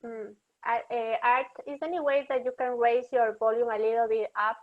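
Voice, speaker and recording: A woman hosting a webinar over a video call, speaking in a polite, halting way. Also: on the high side, steady tone. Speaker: webinar host. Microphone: computer mic on a video call. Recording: muffled video call audio.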